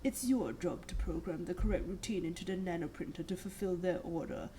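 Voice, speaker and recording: A grumpy depot boss who dislikes kids, voiced by a woman reading a story game. The lines come out low and muttered, with faint noise behind. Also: brisk, mellow, close to an everyday voice, rough recording. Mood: grumbling.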